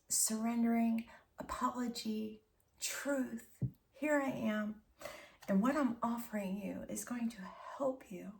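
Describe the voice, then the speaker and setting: A woman's voice: fairly high pitch, vocal fry, darkish tone, far from the mic, a little hiss or hum. A woman giving a channeled tarot reading, intimate and emotional, often dropping to a whisper and calling listeners honey and baby. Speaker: tarot reader.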